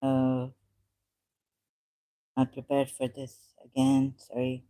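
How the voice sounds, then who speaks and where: A woman hosting her channel, talking in a rambling, halting way, often laughing at her own remarks into a USB desk mic. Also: a bass voice, completely flat delivery, mellow, no room sound. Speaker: channel host. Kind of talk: rambling casual livestream talk.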